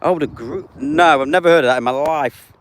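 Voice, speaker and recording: Here an English streamer in his 30s talks briskly in a voice on the high side. He keeps things casual, calling out viewers by name and tossing off quick answers to them.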